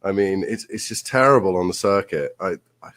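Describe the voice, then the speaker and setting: A man's voice: deep voice, brisk, a bit bright. A man with an upper-class English accent, a guest speaking over a video call in blunt, opinionated casual chat.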